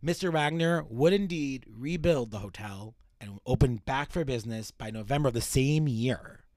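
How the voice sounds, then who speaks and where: A man's voice: mid-range voice, moderate pace, darkish tone, no room sound. A man co-hosting a casual podcast, telling a history story in a chatty, joking way. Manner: chatty, jokey, self-deprecating narrator. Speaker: podcast co-host.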